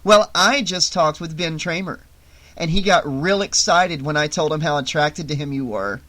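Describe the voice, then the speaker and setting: A reader voicing a crude, teasing teenage girl in an audiobook, loud and shrill in quick bursts. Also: close to an everyday voice. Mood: gossipy. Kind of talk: audiobook character voice.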